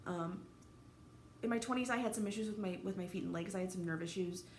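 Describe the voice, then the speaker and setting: Gravelly-voiced woman in her thirties, candid. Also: fairly low pitch, a little mellow. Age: 30s. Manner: halting, candid, swears freely, emotionally raw. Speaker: vlogger. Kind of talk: personal vlog monologue. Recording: roomy echo, faint ambient noise.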